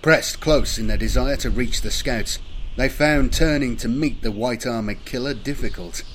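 A man giving steady, measured scripted narration of an audiobook. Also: medium pitch, a little hiss or hum.

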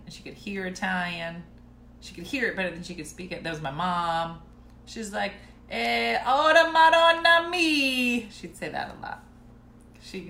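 A middle-aged woman hosts a relaxed live chat and tells family stories to her viewers. Her voice is bright and clear, and she laughs often and clears her throat. The room around her is echoey, with faint background noise. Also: on the low side. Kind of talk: casual storytelling chat.

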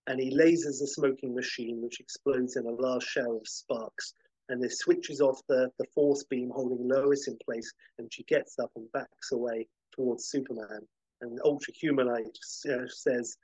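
A man hosting a podcast, narrating a film pitch vividly, with occasional fillers. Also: fairly even intonation, normal speed, darkish tone, breathy edge, no room sound, low-quality recording. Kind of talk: animated story pitch.

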